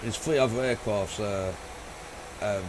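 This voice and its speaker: Man, game streamer, low voice, rambling and swearing, noisy background. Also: measured pace. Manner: rambling, swearing, laughing often. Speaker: streamer playing a flight simulator. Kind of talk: casual live-stream chat.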